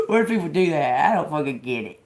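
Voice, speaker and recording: A woman's voice: deep voice, a little mellow. A woman, a tarot reader on a livestream, telling stories bluntly with lots of swearing and laughter. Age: adult with a grown daughter. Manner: blunt and profane, laughs often. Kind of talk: casual livestream storytelling. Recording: roomy echo.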